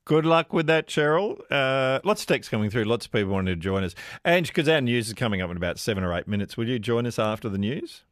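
A man's voice: medium pitch, very animated, quick pace, few pauses, no room sound, clean studio sound. A man hosting a radio talkback show, greeting callers and thanking listeners for their texts. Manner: warm-toned, introduces callers and reads texts. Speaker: radio host.

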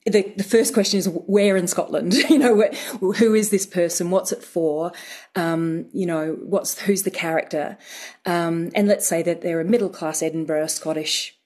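A woman with a somewhat low voice, explaining dialect work step by step. She lists points methodically, pausing on ums. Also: steady tone, darkish tone. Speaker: dialect coach. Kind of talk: explanatory interview talk.

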